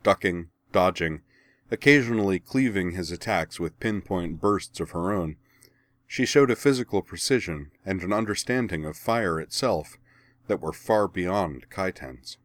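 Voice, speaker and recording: A man giving steady, measured scripted narration of a story. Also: low voice, dry recording.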